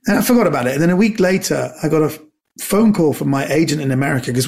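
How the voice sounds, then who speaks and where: A man's voice: on the high side, fast, vocal fry. A middle-aged man from Britain, a comedian, telling anecdotes in casual chat and acting out the voices of the people in his stories. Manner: animated storyteller, acts out voices, frequent restarts. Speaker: comedian and actor guest.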